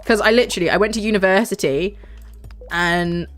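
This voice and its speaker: A woman's voice: mid-range voice, a little fast, a bit bright, soft background music. A young woman, streaming a game and chatting casually in a rambling way, full of fillers. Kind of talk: casual gaming stream chat.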